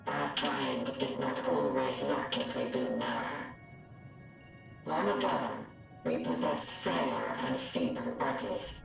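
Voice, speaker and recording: A detached male android from a game, his robotic voice very deep and gravelly, rising and falling widely. He speaks slowly and formally. The voice sounds echoey and distant, with loud music underneath. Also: huge pitch swings, full character voice. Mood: calm recounting. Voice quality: processed robotic timbre. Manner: measured, formal, unhurried. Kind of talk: game cutscene voice acting.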